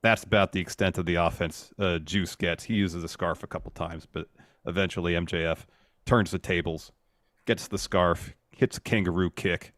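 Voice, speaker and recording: A man co-hosting a wrestling podcast, recapping matches in a steady, casual way. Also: low voice, normal speed, dry recording, clean studio sound. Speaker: podcast co-host.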